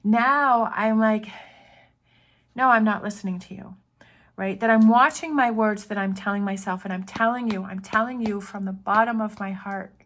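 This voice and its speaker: A woman's voice: medium pitch, steady tone, normal speed, few pauses, a bit bright. A woman tarot reader giving an earnest, encouraging spiritual pep talk, often repeating her phrases.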